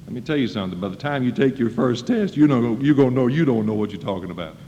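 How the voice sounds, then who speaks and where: A man preaching a sermon to students in a folksy manner, acting out quoted voices and rising to loud emphasis. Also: medium pitch, animated, fast talker, slight background noise. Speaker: preacher at a school chapel. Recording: dull old recording in a reverberant hall.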